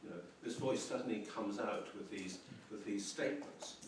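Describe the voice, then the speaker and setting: A man's voice: on the low side, moderate pace, background noise. A man giving a university lecture on poetry, reflective and hesitant, with many ums and restarts. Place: lecture room. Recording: roomy echoey lecture hall, mic at a distance.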